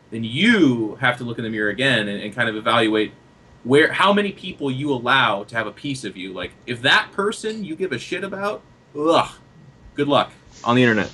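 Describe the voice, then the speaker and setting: A man's voice: medium pitch, husky. A man from the Seattle area co-hosting a podcast, chatting casually and animatedly. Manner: animated, mimics angry commenters. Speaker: podcast co-host. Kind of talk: casual chat.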